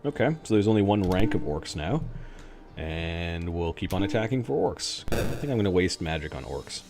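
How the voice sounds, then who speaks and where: A man giving playful live commentary while playing a retro role-playing game, muttering asides to himself and sometimes dropping to a hush. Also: low-pitched, animated, normal speed, creaky, faint music behind. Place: home streaming setup.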